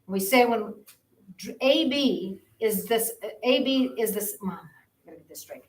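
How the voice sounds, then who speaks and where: A woman's voice: medium pitch, moderate pace. A woman teaching a geometry class, explaining in a conversational, repetitive way. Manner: conversational, repeats herself while explaining. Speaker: math teacher. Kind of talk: classroom lecture. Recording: roomy classroom audio from a distance.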